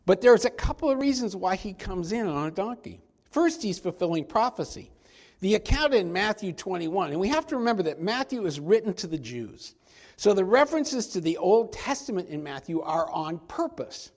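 A male pastor preaching a sermon, emphatic and slowing down to stress key points. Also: high-pitched, sing-song.

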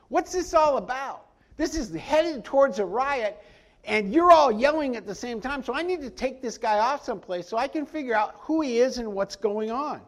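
A man preaching a conversational verse-by-verse sermon, animated and folksy, often stepping into the story to act out the characters. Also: extremely high pitch, normal speed. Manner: animated, acts out quoted lines in the story; folksy, frequent "I mean" asides. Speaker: pastor teaching a Bible study.

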